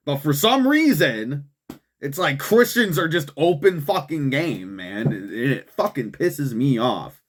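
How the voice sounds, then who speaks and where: A young man hosting a commentary show, ranting angrily and swearing constantly, with frequent "man" and "dude" fillers. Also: mid-range voice. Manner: profane, heated, swearing constantly. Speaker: host of a political commentary show.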